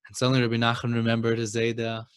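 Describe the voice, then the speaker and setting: Man, Torah teacher, emphatic storytelling, mid-pitched, dry close sound. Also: racing, clear, resonant tone, no echo. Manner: emphatic, building to excited exclamations.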